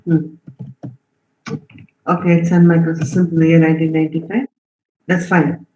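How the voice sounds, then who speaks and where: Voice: medium pitch, level tone, normal speed, pauses often, mellow, a little hiss or hum. A programming instructor giving a live online lecture, quizzing students, reading out their answers and checking in often with "okay?" and "right?". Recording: roomy, dull lo-fi stream audio.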